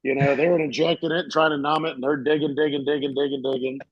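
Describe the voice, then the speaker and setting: A man, a podcast co-host telling a story in a casual, animated way and acting out the voices in it. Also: a little high, fast talker, no echo, muffled recording. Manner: animated, acts out voices in his stories.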